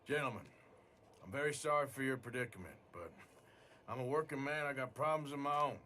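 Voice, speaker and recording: A man playing a gruff, world-weary outlaw gunslinger in a video game cutscene, terse and guarded. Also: mid-range voice, fairly quick, sharp tone, a little hiss or hum, close to an everyday voice.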